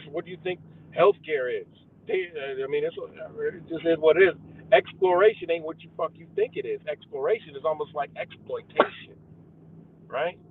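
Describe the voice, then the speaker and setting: Man, young, live stream host, profane, heated rant, slightly high voice, phone-quality sound. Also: moderate pace, slightly rough. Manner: profane, heated, conspiratorial, addresses viewers as guys. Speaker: livestream host. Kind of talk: ranting live stream monologue. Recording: tinny phone-like audio with faint car noise.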